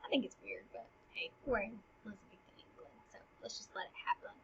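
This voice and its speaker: A woman's voice: fairly high pitch, huge pitch swings, quick pace, fairly bright tone, slight background noise. A woman giving a chatty, slangy summary of a play's scene, on a dull lo-fi recording. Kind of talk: casual play summary.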